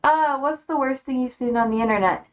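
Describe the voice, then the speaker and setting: A young woman streamer chatting casually, reading out viewer comments, blunt and quick to swear and laugh. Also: high voice.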